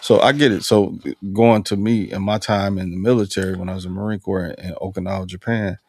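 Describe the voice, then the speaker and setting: A man with a low, gravelly voice hosts a casual talk. He tells his stories with animation, acting out both sides of the exchanges. The recording is dry and close-miked. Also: fairly even intonation, brisk, darkish tone, dry recording. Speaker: host. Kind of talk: casual conversation, storytelling.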